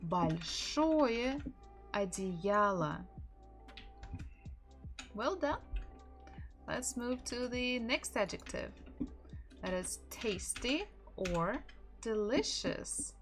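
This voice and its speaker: Brief: woman teacher with a Russian accent, very slow and patient, repeats every word, faint music underneath. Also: fairly high pitch, animated. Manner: patient, repeats each word slowly several times. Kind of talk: online language lesson.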